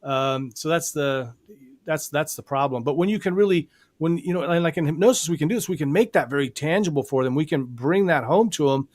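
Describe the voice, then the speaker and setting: Guy hosting a hypnosis show, kinda high voice, rambly, dry mic. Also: brisk, no echo. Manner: rambling, many restarts and fillers. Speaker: hypnotist host. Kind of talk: casual live show chat.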